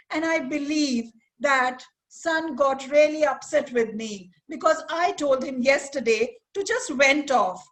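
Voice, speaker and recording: High-voiced storyteller lady, slow and animated, asks the kids stuff, video call mic. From India. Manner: animated, asks the children questions. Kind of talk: storytelling to children in a virtual session.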